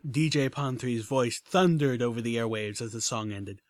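Man, audiobook narration, measured storytelling, dry close recording. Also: medium pitch, no echo. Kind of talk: scripted narration.

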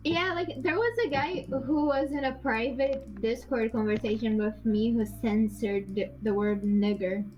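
A woman's voice: a little high, unhurried, few pauses, muffled recording, slight background noise. A woman in a casual gaming voice chat who talks bluntly, teases and laughs often. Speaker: voice chat participant.

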